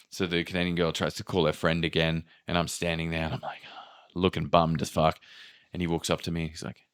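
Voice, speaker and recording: A man telling a travel story in casual podcast chat, swearing freely and acting out quotes with sudden pitch jumps. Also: monotone, a little fast, a bit bright, clear, resonant tone.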